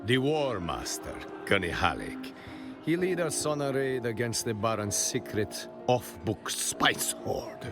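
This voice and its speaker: An actor playing a grizzled male soldier veteran in a video game, telling war stories in a gruff, measured way. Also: mid-range voice, very animated. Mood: grim. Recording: game audio under music.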